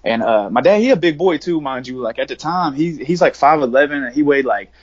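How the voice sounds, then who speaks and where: A man's voice: mid-range voice, lively intonation, a little fast, breathy edge. Slangy, profane young man telling a story. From West Virginia. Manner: slangy, profane, rambling with many fillers. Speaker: guest, rapper. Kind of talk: casual storytelling in an interview. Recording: dull lo-fi podcast recording.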